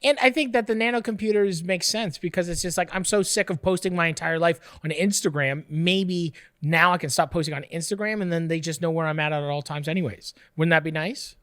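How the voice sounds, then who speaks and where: A man co-hosting a podcast, chatting casually and throwing in goofy, deadpan absurd jokes. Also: a little high, a little fast, few pauses, smooth, dry recording, clean studio sound. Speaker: podcast co-host. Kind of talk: casual chat.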